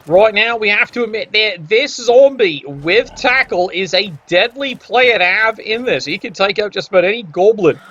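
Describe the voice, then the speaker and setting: A man's voice: high voice, lively intonation, normal speed, few pauses, pushed and bright. A man doing wry, sarcastic play-by-play commentary on a tabletop sports video game. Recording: dull lo-fi audio.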